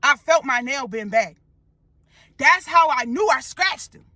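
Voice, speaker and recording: A young woman casually retelling a dream in a vlog, expressive and loose, full of slang and swearing. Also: high-pitched, measured pace, no room sound. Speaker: storyteller vlogger.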